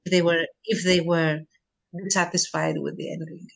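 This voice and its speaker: A woman's voice: lowish voice, flat delivery, moderate pace, gravelly, crowd noise, rough recording. A woman co-hosting a podcast, talking in a thoughtful, hedging casual way. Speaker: podcast co-host. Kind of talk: casual chat.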